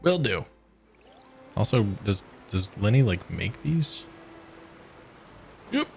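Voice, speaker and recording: Young male streamer, sarcastic joking commentary, lowish voice, game music underneath. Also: sing-song, slow, gravelly, a little mellow. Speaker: gaming streamer. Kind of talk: casual let's-play commentary.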